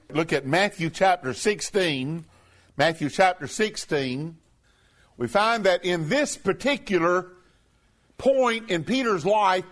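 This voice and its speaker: This sermon comes from a high-voiced, lively male preacher who speaks emphatically. When he reads scripture, he slows down and raises his voice.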